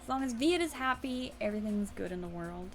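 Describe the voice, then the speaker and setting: A woman's voice: mid-range voice, animated, fairly quick. A young adult woman streaming, chatting casually and reading a story game aloud, swearing now and then and talking to her chat. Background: faint music.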